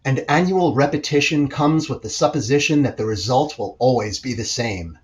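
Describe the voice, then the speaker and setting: A man's voice: mid-range voice, normal speed, lo-fi sound. Confident slam poet man from New York. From New York City. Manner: polished, rhythmic, confident delivery. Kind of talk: slam poetry performance.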